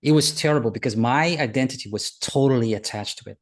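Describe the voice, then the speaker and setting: A man hosting a founders' faith discussion, telling his own stories in an animated way and laughing along. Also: medium pitch, quick pace. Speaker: host leading a founders' faith talk. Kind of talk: animated storytelling.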